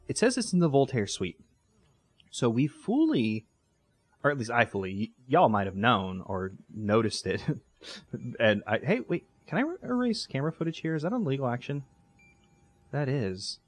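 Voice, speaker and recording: A man narrating his gameplay in a loose, rambling way, joking and correcting himself as he goes. His pitch swings widely, lively and animated. His voice sits at an ordinary middle pitch for a man. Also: moderate pace. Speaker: let's play host. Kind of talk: casual gameplay commentary.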